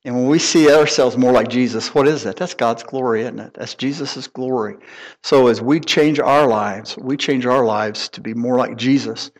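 A man's voice: mid-range voice, normal speed. A middle-aged man giving a conversational sermon, folksy and anecdotal, chuckling at himself as he tells stories. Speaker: preacher.

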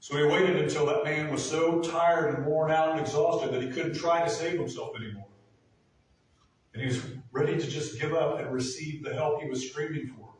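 A man's voice: on the high side, normal speed. A man preaching a sermon as pastor, earnest and building to emphatic peaks. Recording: echoey room from far off.

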